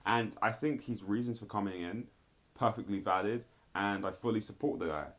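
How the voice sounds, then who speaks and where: A man giving blunt, animated commentary on a TV show, with sudden jumps in pitch as he talks straight at the people he reviews. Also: moderate pace. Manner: blunt, addresses people directly. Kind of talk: casual commentary video.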